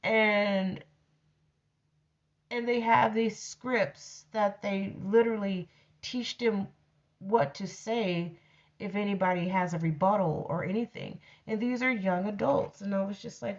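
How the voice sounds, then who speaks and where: A woman talks through a personal story at an unhurried, drawn-out pace, blunt and freely profane. Her voice comes through a dull, lo-fi recording with muffled highs. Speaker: storyteller host. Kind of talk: casual storytelling monologue.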